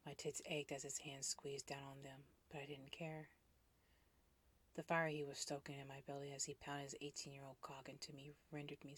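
A woman narrating a first-person erotic story in a breathy, hushed voice that often drops into a whisper, with sudden loud outbursts. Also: low-pitched.

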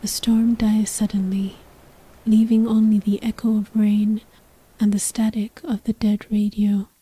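Woman storyteller, whispered role-play, slow and breathy, even-toned. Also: mid-range voice, no echo, poor audio. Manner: slow, hushed, breathy second-person narration.

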